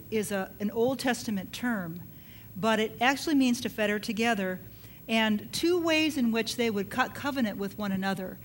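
A woman's voice: fairly high pitch, slight background noise. A woman co-teaching a Bible study, explaining a scriptural term step by step in a plain, explanatory way. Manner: explanatory, affirming with brief murmurs.

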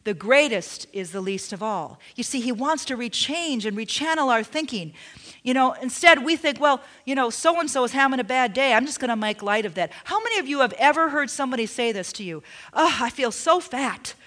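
A woman pastor delivers a sermon in a bright, ringing voice that sits a little high. She preaches emphatically, stumbling into restarts and sprinkling in "you know" as she drives her points home. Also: lively intonation, a little fast. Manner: drops to a hushed near-whisper when retelling a tender story.

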